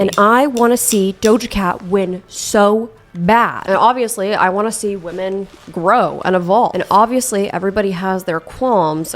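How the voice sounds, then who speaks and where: A woman in her late twenties giving a comedic, self-deprecating commentary about internet culture, animated and sarcastic. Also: fairly low pitch. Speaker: commentary YouTuber.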